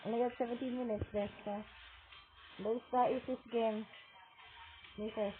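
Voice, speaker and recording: A woman giving casual gameplay commentary, excitedly exclaiming at the game and talking to her viewers. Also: a little high, moderate pace, long pauses. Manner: talks to viewers as "guys". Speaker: gaming video creator. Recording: tinny phone-like audio with faint game music.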